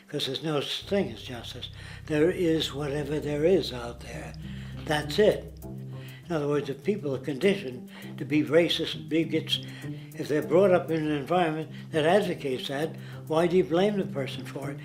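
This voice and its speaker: A man's voice: fairly high pitch, moderate pace, darkish tone, soft background music. A man giving an impassioned monologue in an emphatic, lecturing manner. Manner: emphatic, lecturing, mimics others. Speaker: interviewee.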